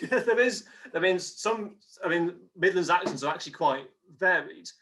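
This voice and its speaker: Bright-voiced patient male historian. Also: high voice, animated, unhurried. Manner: patient, explains with examples. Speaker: guest historian. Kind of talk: explanatory interview talk.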